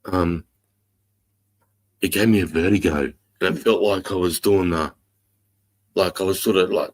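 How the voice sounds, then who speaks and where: A middle-aged Australian man hosting a livestream, telling a long story in a rambling, profane, animated way. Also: low-pitched, unhurried. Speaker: livestream host.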